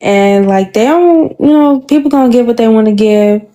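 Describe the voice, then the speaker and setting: A woman's voice: a little high, normal speed, mellow. A young woman with a Chicago accent, chatting casually and rambling with many fillers as a guest. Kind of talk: casual chat.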